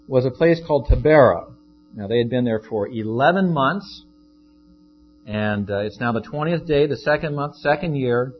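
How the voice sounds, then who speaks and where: A male pastor preaching in an easygoing, conversational storytelling manner, with a mid-range voice. The recording sounds dull and lo-fi, with faint guitar behind him. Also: mid-range voice. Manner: conversational, shifts into acted quotes. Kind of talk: sermon.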